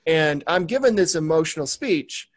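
A man's voice: fairly high pitch, lively intonation, normal speed. A man co-hosting a casual talk show, telling a rambling, self-mocking story. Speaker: podcast co-host. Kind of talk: casual chat.

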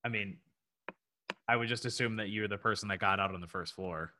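Man, low-ish voice, bright edge, relaxed podcast co-host. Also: brisk, a little hiss or hum. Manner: laid-back, thinks aloud. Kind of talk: casual podcast chat.

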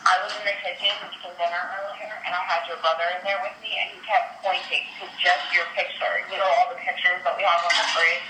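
A woman chats with her young child on a casual phone call, her tone gentle, patient and reassuring. Her voice is bright. The sound is echoey with a faint hiss behind it. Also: on the low side, flat delivery, quick pace, hardly any pauses.

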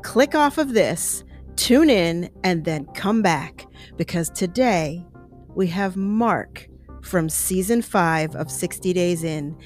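A woman hosting an interview podcast, bubbly and excitable, laughing often as she chats with her guest. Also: on the low side. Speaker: podcast host. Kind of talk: upbeat interview chat.

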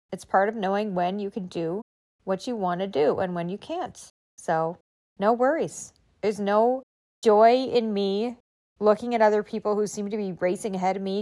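A woman's voice: medium pitch, a little mellow. A woman giving a motivational talk, emphatic and encouraging, often asking rhetorical questions. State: recovering from illness.

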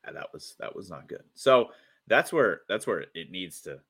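A man with a very low voice co-hosts a casual sports podcast. He talks in an excitable, rambling way and keeps restarting his sentences as his thoughts rush ahead. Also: normal speed, slightly rough. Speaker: podcast co-host.

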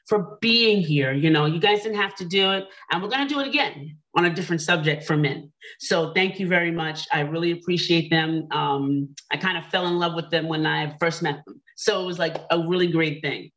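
A middle-aged woman hosting an online panel, telling a personal story in an animated way and quoting her own thoughts aloud. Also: on the low side, highs cut off. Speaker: panel host.

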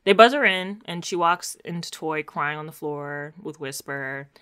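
Woman, low pitch, bright tone, casual chat, laid-back storytelling. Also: measured pace, clean tone. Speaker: podcast co-host recapping a TV episode.

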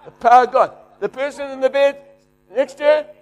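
A middle-aged man preaching, animated, shouting and laughing as he tells a story. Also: extremely high pitch, fairly quick. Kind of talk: sermon storytelling.

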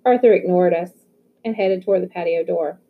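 A woman reading a novel aloud in a steady storytelling manner. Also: lowish voice, a little fast. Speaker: audiobook reader. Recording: phone-like narrow audio.

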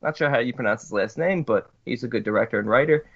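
A man co-hosting a podcast, joking in an animated, casual way. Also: mid-range voice, fast talker, vocal fry, breathy edge. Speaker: podcast co-host. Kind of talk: casual profane chat. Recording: dull lo-fi sound.

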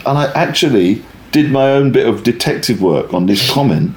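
A middle-aged man in casual conversation, telling stories in a rambling, self-interrupting, animated way. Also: medium pitch, moderate pace. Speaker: guest, performer.

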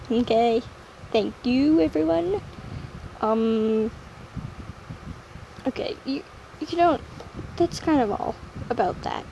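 A young woman hosting a solo podcast, talking in a playful, rambling, self-mocking way that jumps suddenly between loud and quiet. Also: on the high side, expressive, slow pace, creaky, long pauses, a little hiss or hum, poor audio. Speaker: podcast host.

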